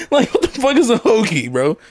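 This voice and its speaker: A man's voice: very high voice, slight background noise. A man co-hosting a podcast, giving short, laid-back replies in casual banter. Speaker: podcast co-host.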